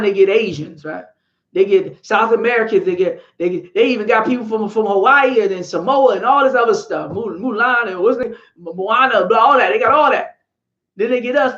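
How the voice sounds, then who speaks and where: A woman hosts a casual history live stream, greeting her chat as she goes. Her voice sits fairly high and bounces between excited peaks and low asides. The sound is dull and lo-fi. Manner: animated, chatty, greets viewers in the chat.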